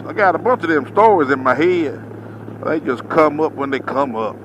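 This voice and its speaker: A man's voice: a little high, lively intonation, moderate pace, a little hiss or hum, low-quality recording. A man, a truck driver, telling a story in a casual, drawling way and acting out his own reactions.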